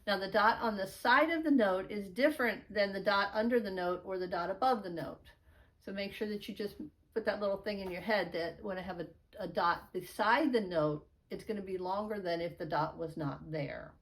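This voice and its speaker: A woman's voice: medium pitch, moderate pace. A middle-aged woman teaching a beginner piano lesson, explaining patiently and chanting note counts in an encouraging way.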